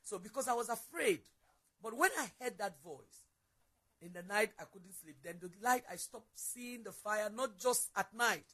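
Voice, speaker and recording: A woman's voice: medium pitch, normal speed, fairly bright tone, husky. A woman sharing a personal faith testimony as a guest, telling it as an earnest story and often repeating or restarting her phrases.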